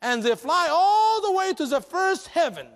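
Male guest preacher, dramatic storyteller, high animated voice, long church reverb. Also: moderate pace. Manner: dramatic, expressive, non-native grammar. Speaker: guest speaker.

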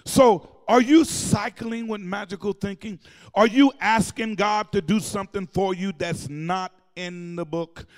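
A male pastor preaching a sermon, calling out to the congregation and breaking into shouted and sung phrases. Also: sits high, a little slow, in a large hall. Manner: call-and-response preaching, shouting and singing phrases. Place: church sanctuary.

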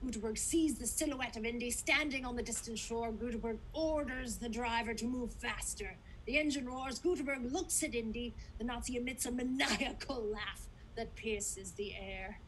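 Give me a woman narrating stage directions at a comedic table read held over a video call. She sits a little higher than average in pitch with a bright, crisp tone. She keeps tossing playful jokes into the action lines. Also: normal speed, hardly any pauses, slight background noise, rough recording.

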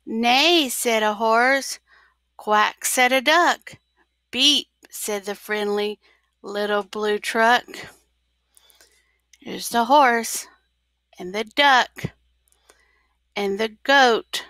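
A teacher reads a storybook aloud to young children, very slow and full of expression, now and then dropping into a whisper. Her voice is bright and fairly high, picked up close in a dry room. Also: no room sound.

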